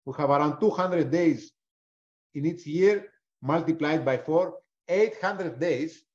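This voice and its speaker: Male trader, higher register, punchy self-questioning webinar delivery, slightly muffled call audio. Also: slow, darkish tone. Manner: emphatic, fires rhetorical questions and answers them, swears. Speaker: prop trader presenting a webinar. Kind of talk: live webinar teaching.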